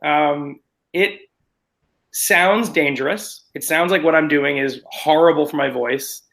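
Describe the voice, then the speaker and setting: Animated self-mocking actor. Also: male voice, a little high, slow pace, poor audio. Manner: animated, self-deprecating, rambling with restarts. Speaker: stage actor, guest. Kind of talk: casual interview chat.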